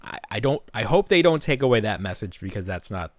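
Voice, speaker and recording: Animated joking male podcast co-host. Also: on the low side, fairly quick, no room sound. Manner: animated, joking, swears casually. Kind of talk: casual chat.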